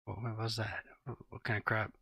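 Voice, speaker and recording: Deep-voiced, slightly winded streamer man. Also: flat delivery, brisk, vocal fry, pushed and bright, a little hiss or hum. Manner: loose, chatty, slangy. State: a bit out of breath, just woken up. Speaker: crypto live streamer. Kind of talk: casual live-stream chat.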